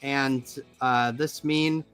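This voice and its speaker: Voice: medium pitch, fairly even intonation, extremely slow, fairly bright tone, clear, resonant tone, faint music behind. Friendly livestream host reading tarot cards. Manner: friendly, reads comments and card text aloud.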